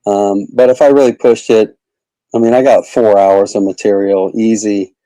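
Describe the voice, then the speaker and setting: A man's voice: lowish voice, steady tone, normal speed, warm tone, no echo, rough recording. A man who is a comedian, rambling casually as a guest in an interview. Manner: rambling, chatty, lots of fillers.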